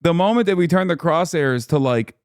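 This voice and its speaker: A man's voice: a little high, animated, a little fast, smooth, no room sound, clean studio sound. A man streamer reacting to a debate clip with profane, sarcastic commentary. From Turkish-American.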